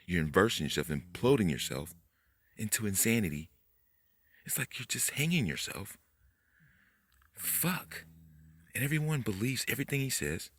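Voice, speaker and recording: A man giving a rambling, profane late-night monologue, talking fast, tripping over his words and jumping up in pitch when he gets worked up. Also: very animated, a bit bright, slightly rough. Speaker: conspiracy video host.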